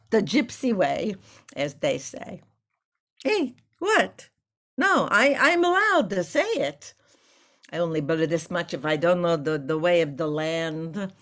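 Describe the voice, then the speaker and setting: Actress doing a chatty older wife at the hospital, nervous rambling, slow unhurried talk. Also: female voice, lowish voice. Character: aging chatty wife visiting her sick husband. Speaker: actor in a play reading. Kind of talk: staged play reading.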